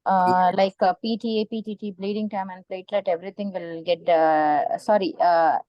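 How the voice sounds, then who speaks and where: A woman's voice: fairly low pitch, steady tone, normal speed, dry recording. Indian woman unsure, lots of uhs, dry muffled phone sound. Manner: hesitant, polite, many fillers. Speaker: student doctor. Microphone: phone on a video call. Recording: dry, dull phone call audio.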